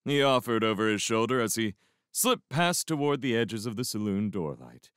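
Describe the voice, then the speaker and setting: A man narrating a novel in the first person as a fan audiobook reader, with an expressive delivery and reflective pauses. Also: on the low side, smooth, no echo, studio quality.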